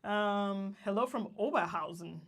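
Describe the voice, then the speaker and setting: A woman's voice: mid-range voice, unhurried. A woman from Guatemala co-hosting a casual livestream, cheerful and laughing often as she greets viewers by name. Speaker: livestream co-host.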